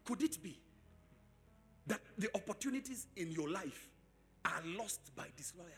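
A man preaching a sermon as pastor, asking the congregation questions and swelling into sung shouts. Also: high voice, expressive, normal speed, soft background music. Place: church service.

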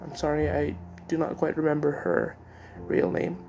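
A man's voice: fairly high pitch, completely flat delivery, normal speed, gravelly, darkish tone, muffled recording, faint music behind. A young man hosting his own podcast, talking casually and hesitantly with many fillers and restarts. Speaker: podcast host. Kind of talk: casual solo podcast talk.

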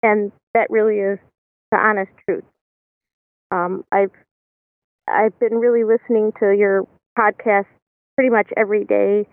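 Slow hesitant woman on a phone line. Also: mid-range voice, fairly even intonation, no room sound. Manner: hesitant, many ums. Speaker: guest caller. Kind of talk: casual interview chat. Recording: tinny dry phone line.

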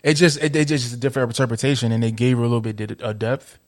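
A man co-hosting a podcast, chatting casually in loose slangy talk, full of "like". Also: medium pitch. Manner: fast, loose slangy talk with many "like" fillers. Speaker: podcast co-host. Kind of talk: casual chat.

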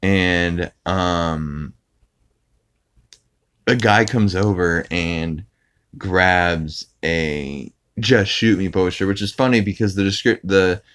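Deep-voiced man rambling through a recap. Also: takes it slowly, a bit bright, smooth. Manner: rambling, with many fillers and put-on character quotes. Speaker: podcast host. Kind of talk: casual episode recap.

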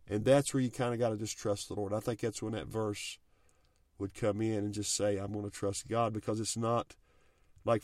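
A man's voice: mid-range voice, no room sound, clean studio sound. A middle-aged man giving earnest, folksy advice on marriage and faith, speaking plainly with frequent restarts. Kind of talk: heartfelt talk on marriage and faith.

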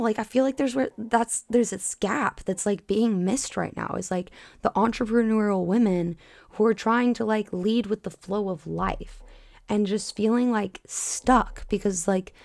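Young female coach-host with a gravelly, fry-laden voice; passionate, loose, sweary solo talk. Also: mid-range voice, a little mellow, no echo. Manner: passionate, frequent filler likes and cussing. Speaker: podcast host and spiritual coach. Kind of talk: casual solo podcast monologue.

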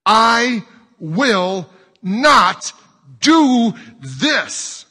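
A man's voice: mid-range voice, expressive, normal speed, slightly rough. A man playing a desperate father who stammers and pleads for his children. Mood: anguished. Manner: stammering, pleading, rising to shouts. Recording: long hall reverb.

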